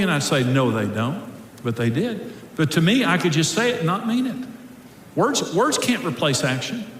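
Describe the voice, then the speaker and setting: A man's voice: on the high side, fairly bright tone, slight background noise. A man preaching an emphatic sermon to a live audience in a large church auditorium. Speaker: pastor. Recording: echoey hall, faint ambience.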